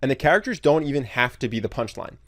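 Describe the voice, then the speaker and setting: A man giving scripted narration, clear and explanatory. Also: mid-range voice, expressive, quick pace, a bit bright, no echo.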